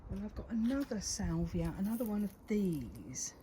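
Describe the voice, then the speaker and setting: An older woman chats her way around her home garden, her voice rising and falling in a lively, sing-song way. She keeps slipping into a half-whisper between bright remarks, like she is letting you in on a secret. There is a faint outdoor hush behind her. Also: mid-range voice, normal speed, a little hiss or hum. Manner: chatty, often drops to a whisper, coos at her cat. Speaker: gardening vlogger. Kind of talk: casual walk-and-talk garden tour.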